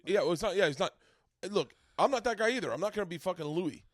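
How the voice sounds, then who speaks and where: A man's voice: high-pitched, fast, dry recording, clean studio sound. A man hosting a podcast, telling stories in casual chat, swearing often and acting out quotes. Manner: animated storytelling, swears often, acts out quotes. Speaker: podcast host.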